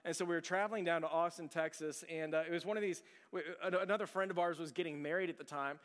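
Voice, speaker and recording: Middle-aged male pastor, higher voice, loose self-deprecating storyteller who asks the crowd questions; reverberant church room. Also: steady tone, quick pace, a bit bright. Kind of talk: conversational sermon storytelling. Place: church sanctuary. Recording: long hall reverb.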